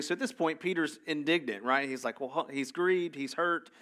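Male pastor, fairly high pitch, relaxed conversational sermon delivery. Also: moderate pace, few pauses. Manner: conversational, asides while reading scripture.

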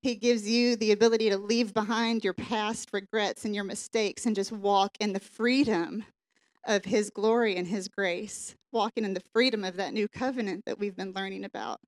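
A woman's voice: medium pitch, steady tone, moderate pace, rough recording. Woman giving an earnest testimony. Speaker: congregation member giving testimony. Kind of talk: personal testimony.

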